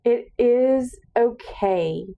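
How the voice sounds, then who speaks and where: A woman's voice: fairly high pitch, extremely slow, narrow, tinny audio. A woman hosting a solo podcast, speaking in an earnest, encouraging monologue with emphatic repetition. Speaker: podcast host.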